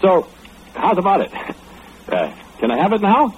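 An actor playing the archangel Gabriel, a folksy, excitable male messenger telling his tale in 1940s radio style. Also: sits high, moderate pace, noisy background. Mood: excited storytelling. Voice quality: folksy rural drawl, excitable. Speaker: narrating monologue. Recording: tinny old radio broadcast with loud music.

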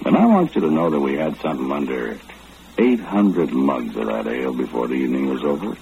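An actor in an old-time radio drama playing an easygoing working man who tells his story in a folksy, relaxed way. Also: a bass voice, a little fast, heavily acted. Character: easygoing middle-aged working man narrating his tale. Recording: dull lo-fi old radio recording with hiss.

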